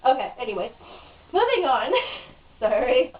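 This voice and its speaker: Unhurried and swinging widely in pitch, a woman with a high voice rants with frustration and cynicism while being interviewed for a casual home video. The distant mic gives a dull, lo-fi sound.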